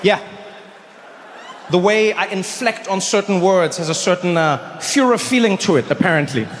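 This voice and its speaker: Male comedian, stand-up story, high voice, animated delivery, faint ambience behind. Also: moderate pace, a little hiss or hum. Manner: animated, jumps into high-pitched character voices.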